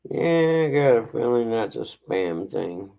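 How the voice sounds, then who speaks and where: A man's voice: medium pitch, big pitch swings, unhurried, gravelly, mellow, clean tone, rough recording. A man hosting a casual live stream, chatting and greeting viewers by name as he reads out messages.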